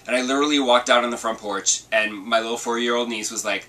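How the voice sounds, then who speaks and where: Chatty man, bright voice, a bit off-mic. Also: lowish voice, fast talker, few pauses, distant mic. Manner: chatty and animated, acts out quotes. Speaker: video podcast host. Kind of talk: casual storytelling vlog.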